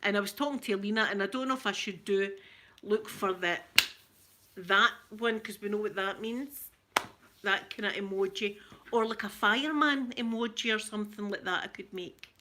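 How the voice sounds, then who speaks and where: A Scottish woman from Scotland chatting casually to her viewers, now and then cooing softly in baby talk to her pet. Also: mid-range voice, moderate pace, noisy background. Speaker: ASMR channel host.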